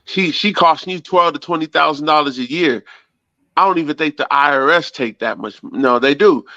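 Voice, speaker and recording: A man's voice: on the high side, moderate pace, bright, forceful tone, no room sound. A blunt man in a casual podcast chat, hammering his point home with repeated, homespun comparisons. His voice sounds dull and lo-fi, with a completely dry acoustic. He often restarts his words midway.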